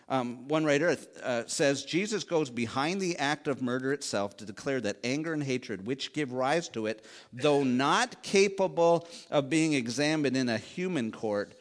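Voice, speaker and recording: A middle-aged man delivers a sermon in an easy, conversational way. His voice sits at an ordinary middle pitch. He keeps turning to his listeners with rhetorical questions and quick asides. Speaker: pastor.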